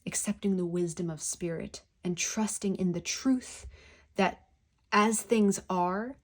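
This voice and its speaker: A woman giving a pick-a-card tarot reading, talking in a gentle, effusive, spiritual way. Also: lowish voice, slow pace.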